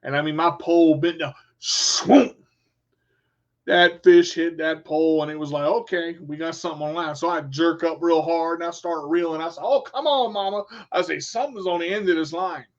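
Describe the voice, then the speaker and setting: A man telling a casual, animated story in folksy phrasing, acting out what people said. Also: fairly high pitch, fairly quick, hardly any pauses. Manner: animated storyteller, acts out quotes. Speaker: vlogger. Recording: dull lo-fi sound.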